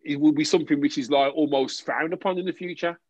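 A man's voice: fairly high pitch, fast talker, breathy edge, dry recording. A man in casual chat, talking animatedly with lots of restarts and jokes. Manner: animated, restarts often, jokey. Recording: dull lo-fi dry sound.

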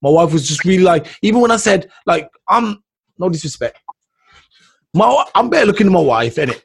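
A man's voice: high-pitched, very animated, brisk, vocal fry, slightly rough. An English man hosting a podcast, chatting casually in a playful, teasing way. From England. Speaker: podcast host. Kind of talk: casual chat.

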